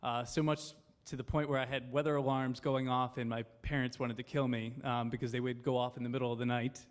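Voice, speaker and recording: A man's voice: mid-range voice, flat delivery, a little fast. A man, a TV meteorologist, introducing himself to a seminar audience in a chatty way with plenty of fillers and asides. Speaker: TV meteorologist on a panel. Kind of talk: informal panel introduction. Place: seminar room before an audience.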